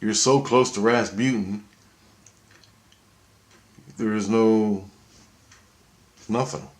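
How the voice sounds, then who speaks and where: A man's voice: lowish voice, fairly even intonation, very slow. A man quoting a stern male spirit guide in his own voice, blunt and insistent.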